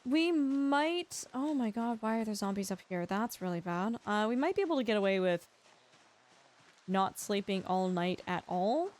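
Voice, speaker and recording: A woman's voice: mid-range voice, animated, normal speed, a little mellow. A young woman streaming a survival game live, chatting through her play and greeting viewers by name.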